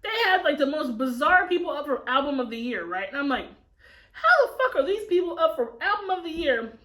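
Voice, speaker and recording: Young adult woman co-host, lively and high-voiced, animated profane storytelling. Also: brisk. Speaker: mukbang co-host, daughter. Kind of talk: casual chat.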